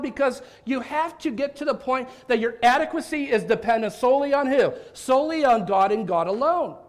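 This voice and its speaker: A male pastor preaches with a lively, high-pitched voice that leaps all over the place. He talks in an animated way, repeating words as he restarts and throwing rhetorical questions out to his congregation. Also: fairly quick. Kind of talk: sermon.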